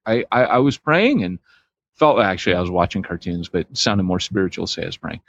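A man co-hosting a podcast, telling a rambling, self-mocking story with quick laughs. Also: lowish voice. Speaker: podcast co-host. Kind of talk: casual storytelling podcast chat. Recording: dull, dry lo-fi sound.

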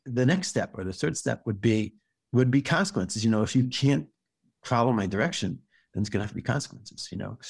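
Gravelly man giving halting parenting advice. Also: mid-range voice, no room sound. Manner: halting, repeats and restarts words, gentle advice. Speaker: rabbi and parenting guest. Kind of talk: casual podcast conversation.

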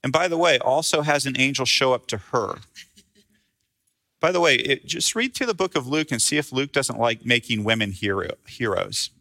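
A man's voice: mid-range voice, animated, normal speed, pushed and bright. A male pastor preaching a sermon in a conversational, storytelling way.

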